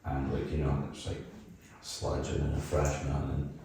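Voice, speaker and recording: A young man with a broad Edinburgh Scottish accent talks in a rambling, self-deprecating way and laughs often. His voice sits extremely low. It is recorded from some distance in a very roomy, echoey space. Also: monotone, normal speed, vocal fry, warm tone. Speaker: band vocalist guest. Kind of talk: casual podcast chat. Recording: roomy echo, mic at a distance.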